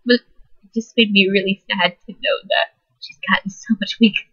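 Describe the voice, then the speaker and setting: A teenage girl telling a personal story in a soft, halting, emotional way. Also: medium pitch, fairly even intonation. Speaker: vlogger. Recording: dull lo-fi recording.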